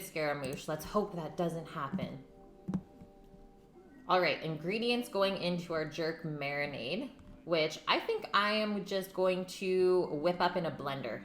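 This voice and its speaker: Low-voiced woman chatting in an echoey kitchen. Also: fairly bright tone. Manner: chatty, reads chat names aloud, talks while eating. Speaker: cooking streamer. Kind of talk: casual live-stream cooking chat. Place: home kitchen. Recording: echoey kitchen, faint music.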